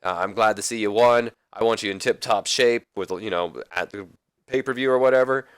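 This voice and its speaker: Laid-back wrestler congratulating a rival, low voice as a man puts him on, dry. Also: a little fast, clean tone, dry recording, lightly acted. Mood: casual.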